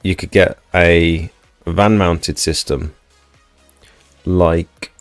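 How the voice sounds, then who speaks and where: A man with a notably deep, low voice hosts a relaxed livestream, chatting loosely and reading viewer comments aloud. The sound is dry and close, with faint music playing underneath. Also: extremely slow, no echo. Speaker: livestream host. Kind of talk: casual livestream chat.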